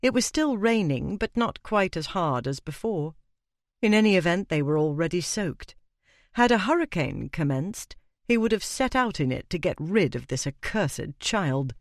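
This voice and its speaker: Guy reading a regency romance audiobook, lots of pitch movement, dry close sound. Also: normal speed, dry recording. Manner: expressive storytelling with character voices. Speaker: audiobook narrator. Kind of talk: scripted audiobook narration.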